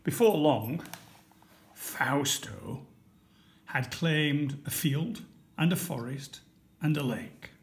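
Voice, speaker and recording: A man reading a picture book aloud, telling the story slowly and deliberately. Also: a little high, lively intonation, gravelly.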